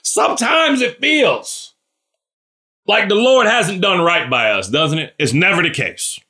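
A man preaching a relaxed, conversational sermon. He keeps checking in with the congregation and calls on listeners by name. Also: high-pitched, unhurried. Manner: chatty, asks listeners questions by name; animated, acts out scripture characters. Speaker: pastor.

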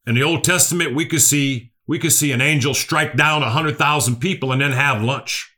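Bright-voiced preacher man. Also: medium pitch, normal speed. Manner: earnest, repeats key phrases, asks the listeners questions. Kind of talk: sermon.

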